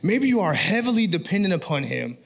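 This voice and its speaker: A male pastor preaching a sermon in an energetic, conversational way, often checking in with his listeners. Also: high-pitched, brisk, vocal fry.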